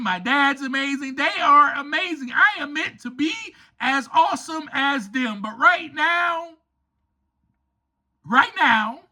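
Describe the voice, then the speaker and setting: A man's voice: very high-pitched, bright, forceful tone, full character voice. A man voicing a young lion cub who speaks in wide-eyed, admiring exclamations.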